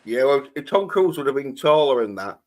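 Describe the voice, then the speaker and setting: A man's voice: mid-range voice, big pitch swings, brisk, a little mellow. A man with a Scottish accent, a panel guest in casual chat, rambling and swearing freely as he talks.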